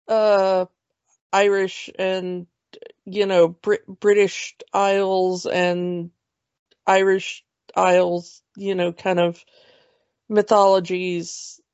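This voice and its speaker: A woman co-hosting a movie podcast talks slowly and loosely, rambling through asides and restarts. Her voice is close and dry. The audio is slightly dull. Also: mid-range voice, fairly even intonation, a little mellow, clean tone, dry recording. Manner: chatty, rambling with restarts and laughs. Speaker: podcast co-host. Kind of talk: casual movie chat.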